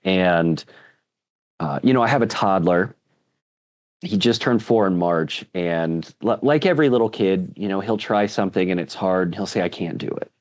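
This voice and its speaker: A man's voice: low-pitched, expressive, normal speed, highs cut off. A man speaking as a guest in a casual interview, earnest and full of restarts. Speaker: podcast guest, author.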